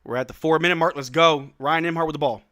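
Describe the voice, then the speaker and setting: A young man hosting a live stream watch-along, giving excited fan play-by-play commentary and trash-talking players. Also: on the high side, fast. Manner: excitable, shouts and laughs at big plays, trash-talks players.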